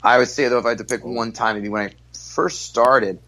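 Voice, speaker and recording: A man who is a guest comedian, telling stories in a casual podcast chat, talking fast, loud and forward, full of profanity. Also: medium pitch, steady tone.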